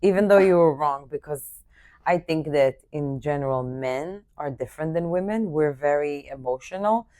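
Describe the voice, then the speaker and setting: A woman's voice: low-pitched, moderate pace, mellow, no echo, studio quality. A woman co-hosting a podcast in casual chat, giving reflective takes and short agreements. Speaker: podcast co-host.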